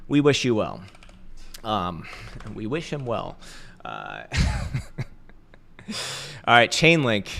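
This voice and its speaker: A man's voice: on the low side, fairly bright tone. A man hosting a crypto trading livestream, talking in a loose, casual way with profane, laughing asides.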